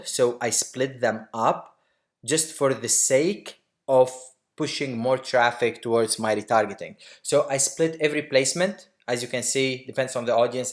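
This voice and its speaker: A man teaching online marketing in a casual screen-share tutorial, explaining quickly and loosely with many fillers and restarts. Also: mid-range voice.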